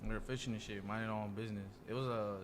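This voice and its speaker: A man's voice: lowish voice, steady tone, rapid-fire, background noise. A young man telling a story casually among friends, laid-back, swearing freely and acting out the dialogue. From Dallas area. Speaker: podcast guest telling a story.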